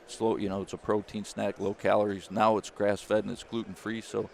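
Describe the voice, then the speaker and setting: A man, a former caddie turned business founder, telling a lively story in an interview and acting out the people he quotes. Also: fairly low pitch, brisk, creaky. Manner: animated storyteller, acts out quoted voices.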